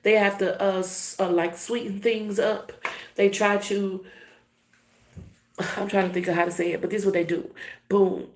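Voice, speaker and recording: A woman's voice: mid-range voice, flat delivery, normal speed, long pauses, reverberant. A woman giving a casual tarot reading in a blunt, emphatic, profane way. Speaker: tarot reader.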